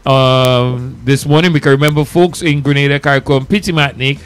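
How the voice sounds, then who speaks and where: A man hosting a community radio talk show in a loose, animated, bantering way. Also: mid-range voice, fast, clear, resonant tone.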